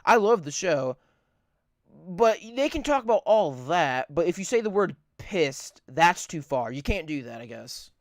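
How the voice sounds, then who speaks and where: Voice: medium pitch, big pitch swings, measured pace. A podcast co-host in casual chat, rambling and swearing a lot, repeating points for emphasis.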